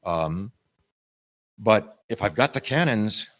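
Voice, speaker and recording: A man with a lowish voice talks on a convention panel about narrating audiobooks. He speaks in an animated way, often breaking off and restarting his sentences. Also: takes it slowly. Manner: animated, uses music metaphors, self-interrupting. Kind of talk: panel talk.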